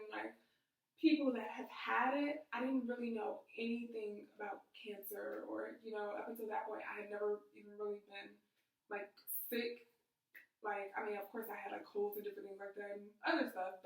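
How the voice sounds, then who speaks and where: A woman's voice: fairly high pitch, vocal fry, heavy reverb, distant mic, low-quality recording. A woman in her late twenties telling a personal story on her vlog, candid and emotional, with many fillers. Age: 20s. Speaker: YouTube vlogger.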